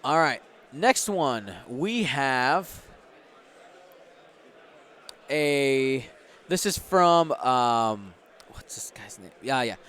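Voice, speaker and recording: A man with a medium-pitched, smooth and slightly bright voice talks very slowly with long pauses, though his delivery is animated. He hosts and commentates a game tournament livestream, upbeat and chatty, hyping the chat and running giveaways.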